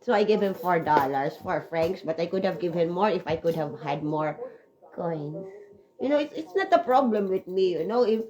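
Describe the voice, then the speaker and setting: A woman's voice: fairly low pitch, lively intonation, normal speed, darkish tone, low-quality recording. Chatty emotional woman. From Switzerland. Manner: emotional, tearful at times, chatty with many fillers. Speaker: vlogger. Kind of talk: rambling personal vlog.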